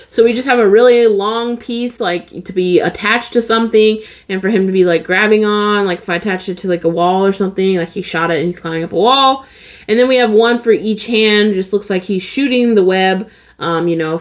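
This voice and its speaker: Chatty woman with a higher voice. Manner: chatty, many fillers like "like" and "um"; laid-back and candid. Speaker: toy unboxing vlogger. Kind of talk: casual unboxing chat.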